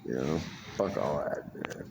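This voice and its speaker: A man's voice: very deep voice, expressive, takes it slowly, gravelly, a little hiss or hum. An older man talks in a rambling, profane vlog monologue, full of fillers and restarts. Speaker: vlogger.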